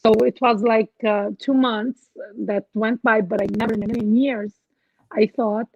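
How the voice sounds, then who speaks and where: A woman telling a personal story in casual chat, animated, acting out what others said. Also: on the high side, normal speed, no room sound, lo-fi sound. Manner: animated, quotes others in her stories. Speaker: guest co-host.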